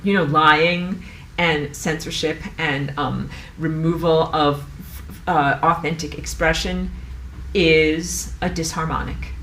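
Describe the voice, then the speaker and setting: A woman giving a casual spoken lesson as a spiritual teacher, talking in an animated, exasperated way and acting out the voices of the people she quotes. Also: sits low, slow pace. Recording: echoey room, mic at a distance, faint background noise.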